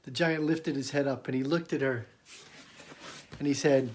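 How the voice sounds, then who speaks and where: A male storyteller telling an interactive story to young children, animated and expressive, asking the children questions. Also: mid-range voice, moderate pace, slight background noise. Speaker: storyteller and illustrator.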